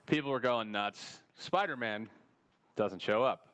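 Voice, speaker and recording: A man tells stories on a casual podcast, swearing freely and acting out the people in his anecdotes. His voice sits at an ordinary middle pitch. He is relaxed, talkative and full of energy as he tells the tale. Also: measured pace, clean tone. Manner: profane, animated storyteller who acts out quoted people. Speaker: podcast host. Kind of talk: casual storytelling chat.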